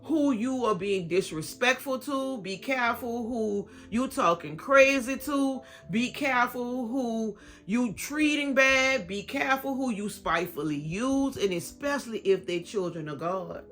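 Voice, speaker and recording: A woman's voice: a little high, expressive, a little slow, few pauses, fairly bright tone, soft background music. A woman in her fifties with a Southern US accent, talking straight to camera about faith and repeating her phrases for emphasis. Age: 50s. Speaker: vlogger. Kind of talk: casual faith talk to camera.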